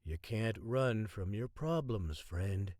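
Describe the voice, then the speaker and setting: A man voicing a cryptic, wise old man who speaks in slow, drawn-out folksy sayings. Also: on the low side, animated, darkish tone, no echo, clean studio sound.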